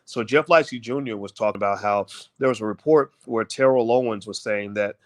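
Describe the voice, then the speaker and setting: A man's voice: on the low side, a little fast. Emphatic middle-aged man speaking off the cuff. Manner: rambling, emphatic, preachy. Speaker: channel host. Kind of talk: casual monologue to viewers.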